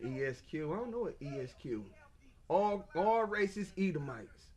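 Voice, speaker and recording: Brief: high-pitched man, agitated stammering monologue rant. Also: lively intonation, normal speed, a little mellow. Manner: agitated, stammering, repeats himself. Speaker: self-published author.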